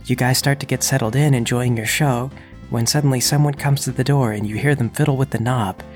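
A man runs a tabletop game as narrator, his voice mid-pitched and even. He tells the scene calmly, and soft music plays faintly behind him. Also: a little fast. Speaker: game master.

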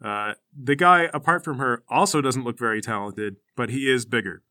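A man's voice: medium pitch, moderate pace, bright, forceful tone. A man running a tabletop game, narrating the scene with playful energy and sound effects. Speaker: game master.

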